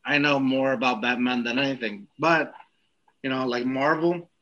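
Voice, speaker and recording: A man hosting a podcast in casual chat, rambling and halting, often laughing. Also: medium pitch, pushed and bright, highs cut off. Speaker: podcast host.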